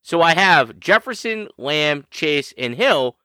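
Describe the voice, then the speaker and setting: Wildly animated boastful man. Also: on the high side, slow pace, no room sound. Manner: boastful, trash-talking, very animated. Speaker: podcast co-host. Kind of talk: fantasy football podcast banter.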